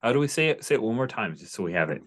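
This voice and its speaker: A man's voice: on the low side, sing-song, very fast. A man acting as game master of an online tabletop game, eager and enthusiastic.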